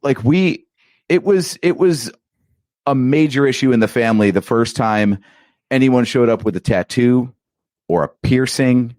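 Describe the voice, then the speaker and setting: A man in his late forties, a podcast co-host, reminiscing in relaxed, rambling casual chat. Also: mid-range voice, measured pace, no echo, studio quality.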